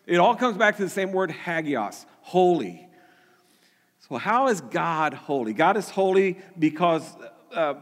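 A man's voice: high voice, vocal fry, a bit bright, big-room sound. A man preaching a sermon as pastor, earnest, often repeating words and restarting his sentences.

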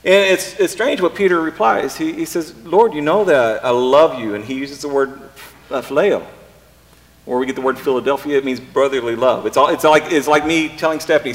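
A pastor preaching a casual sermon, often pausing and repeating words as he thinks aloud. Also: medium pitch. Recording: long reverb in a hall.

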